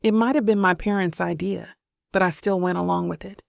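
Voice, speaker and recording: A woman narrates a romance audiobook in the first person. She is earnest and emotional, and her voice has a gravelly fry. The recording is dry, with no room sound. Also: fairly low pitch, steady tone, a little fast, dry recording.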